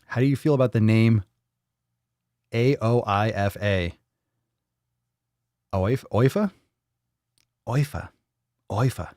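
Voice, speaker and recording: Male live-stream host, low voice, dry close sound, rambling profane banter. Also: takes it slowly, pauses often, darkish tone, no room sound. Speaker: fitness livestream host. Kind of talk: casual live-stream chat.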